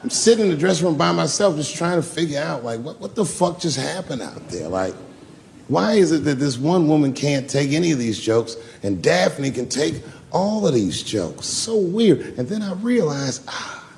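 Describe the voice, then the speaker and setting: Animated, profane male stand-up comic. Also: fairly high pitch, moderate pace, vocal fry. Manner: profane, animated, acts out characters. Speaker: stand-up comedian. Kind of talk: stand-up storytelling. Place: comedy club stage. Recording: long stage reverb, faint noise.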